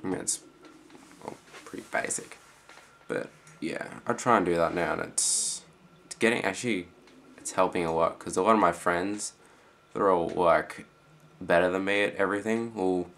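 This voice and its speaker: A teenage boy with an Australian accent, rambling casually in a vlog reply with lots of fillers and quiet trailing-off phrases. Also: low voice, moderate pace, vocal fry. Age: teens. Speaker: student vlogger.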